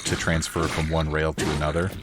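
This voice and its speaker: A man's voice: rumbling low, completely flat delivery, fairly quick. A man playing a video game and chatting casually in a dry, matter-of-fact way. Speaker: let's play player. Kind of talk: casual gaming chat. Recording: music in background.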